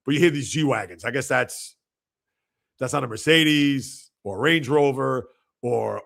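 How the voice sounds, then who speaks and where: A man's voice: medium pitch, measured pace, gravelly, fairly bright tone. A man hosting a casual sports commentary livestream, rambling with rhetorical, exasperated asides.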